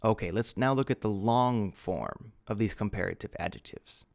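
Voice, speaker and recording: A man's voice: fairly low pitch, moderate pace, vocal fry, dry recording, studio quality. A man teaching English grammar, patiently spelling out words letter by letter. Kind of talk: slow grammar lesson.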